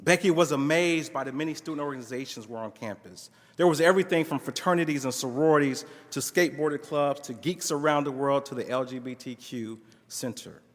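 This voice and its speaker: A man's voice: mid-range voice, a little fast, hardly any pauses. A man at a conference reading a narrative aloud with expression, acting out the dialogue in shifting voices. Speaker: conference speaker reading a case story. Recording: long reverb of a large hall.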